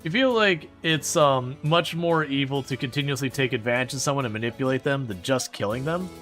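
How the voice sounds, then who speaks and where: A man streaming a game and chatting with viewers in a rambling, animated way, often restarting his sentences. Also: mid-range voice, brisk, soft background music. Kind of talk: casual gameplay commentary answering chat.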